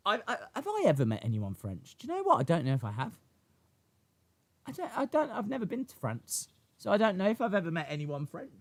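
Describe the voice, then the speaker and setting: A man hosting a live stream, reacting excitedly to chat, shouting and laughing. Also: high voice, brisk, no echo. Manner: animated, shouts and laughs reading chat names.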